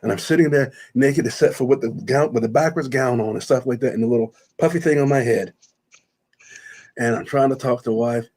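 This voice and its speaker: A man's voice: mid-range voice, brisk, a little mellow, breathy edge. Man telling an emotional personal story. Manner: retells conversations in quoted speech, often repeating himself. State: choked up at times. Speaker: guest.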